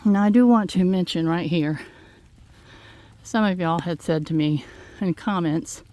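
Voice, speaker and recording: A woman speaks slowly into her phone outdoors, a little out of breath. Her voice sits fairly low, and her encouraging talk comes in gentle, halting phrases. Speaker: farm vlogger. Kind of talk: casual heartfelt talk to viewers. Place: outdoors in fog. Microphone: handheld phone.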